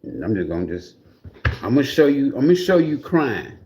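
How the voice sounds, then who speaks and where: A man's voice: medium pitch, sing-song, fairly quick, darkish tone, dull audio. A man giving a casual livestream tarot reading in a blunt, profane, mocking way. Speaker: tarot reader.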